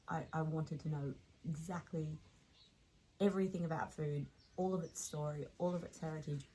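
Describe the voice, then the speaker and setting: A woman in her late thirties with an Australian accent, telling a lively personal story as a podcast guest and laughing along as she talks. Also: sits low, slight background noise, rough recording.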